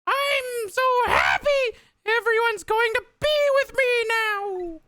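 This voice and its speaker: A man voicing an excitable little girl who shouts shrilly on the edge of tears. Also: extremely high pitch, slow pace, pitched above the performer's own voice, heavily acted. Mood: overjoyed.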